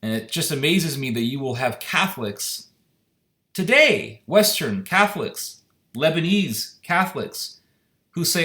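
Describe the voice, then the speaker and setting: A man's voice: on the high side, animated, unhurried, sharp tone. Indignant man in an echoey room. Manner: impassioned, indignant, fires off rhetorical questions. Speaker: commentator. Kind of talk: solo opinion monologue.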